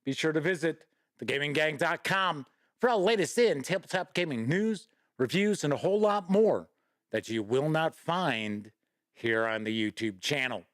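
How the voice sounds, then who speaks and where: A man's voice: a little high, expressive, normal speed, no room sound, clean studio sound. A man hosting a live-streamed gaming news show, chatty and folksy, greeting viewers by name and reading out news. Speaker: host.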